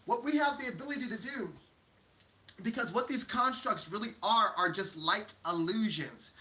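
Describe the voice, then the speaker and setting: A man stands at a whiteboard giving a casual, playful motivational lecture full of slang, laughing as he explains. His voice is high and sharp-toned at a normal speed, recorded from a distance in an echoey room.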